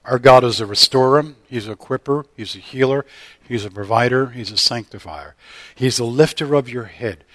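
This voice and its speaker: A man's voice: medium pitch, moderate pace, a bit bright. A male pastor delivers a sermon in an ordinary mid-range voice. He preaches with repeated declarations and call-and-response questions to his congregation. The sound is dry and close, with little room echo.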